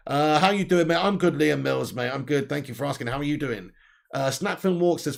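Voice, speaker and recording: Gravelly laddish man hosting a stream. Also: mid-range voice, expressive, brisk. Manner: laddish, swears, laughs often. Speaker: livestream host. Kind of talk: casual live-stream chat reading comments.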